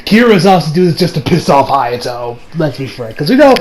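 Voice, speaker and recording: A man's voice: a little high, very animated, fairly quick, darkish tone, a little hiss or hum, low-quality recording. A man talking casually as he reviews an anime episode, rambling with lots of restarts and the odd swear.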